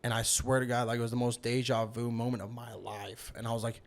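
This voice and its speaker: A man's voice: medium pitch, level tone, fast talker. A man telling a long personal story on a podcast as the guest, rambling with lots of "you know" and "like". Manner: rambling, heavy use of fillers like "you know". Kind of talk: casual storytelling.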